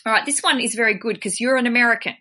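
An Australian woman hosting a podcast in casual, chatty talk, animated and quick to poke fun at herself. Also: a little high. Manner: chatty, animated, self-deprecating. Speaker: podcast host.

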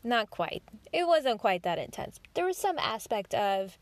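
A woman with a fairly high voice talks straight into the microphone in a dry, close sound. She tells her story candidly and freely, with casual swearing, and voices her own thoughts as she goes. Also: very animated, measured pace, dry recording. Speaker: podcast host. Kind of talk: personal storytelling monologue.

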